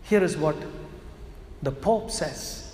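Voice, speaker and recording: A man preaching a sermon as a Catholic priest, emphatic, slowing down and dropping his voice low for key phrases. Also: darkish tone. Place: church. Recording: echoey church hall with long reverb.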